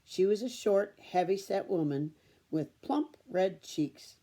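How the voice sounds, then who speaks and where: A woman reading a children's chapter book aloud in a steady storytelling manner. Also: mid-range voice, slow. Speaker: storybook reader.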